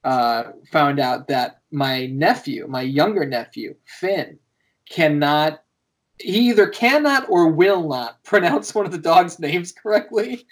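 Podcast host, casual, animated storyteller who laughs a lot; voice jumps up and down in pitch. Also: takes it slowly. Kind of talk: casual chat.

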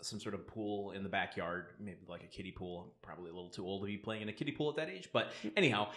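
A man's voice: deep voice, fast talker, fairly bright tone, echoey room. A man co-hosting a podcast, chatting casually, rambling through a story and laughing often. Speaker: podcast co-host. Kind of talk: casual chat.

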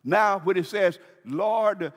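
A man's voice: sits high, slow, in a large hall. A man pastor preaching a sermon with emphasis, repeating key phrases and putting questions to his congregation.

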